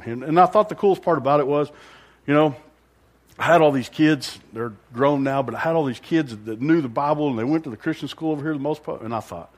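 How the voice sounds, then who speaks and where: A man's voice: fairly high pitch, fast talker. A man giving a rambling, self-deprecating personal testimony at church, laughing now and then and acting out his own thoughts.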